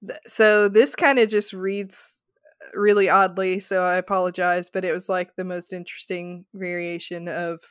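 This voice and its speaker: A woman's voice: lowish voice, little pitch movement, moderate pace, clear, resonant tone, no echo, clean studio sound. A woman co-hosting a podcast, reading a ghost story aloud dramatically with casual, apologetic asides. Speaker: podcast co-host.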